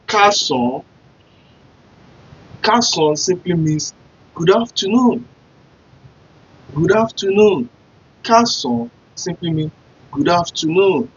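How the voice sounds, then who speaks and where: Husky man patiently teaching words. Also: medium pitch. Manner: patient, repeats words slowly, spells letter by letter; encouraging, addresses viewers directly. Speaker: language teacher. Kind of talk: casual spoken lesson. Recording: dull lo-fi sound.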